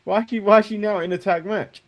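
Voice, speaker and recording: A man's voice: high voice, steady tone, fairly quick. A man co-hosting a casual wrestling review chat, rambling and joking, chuckling at his own remarks. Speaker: co-host.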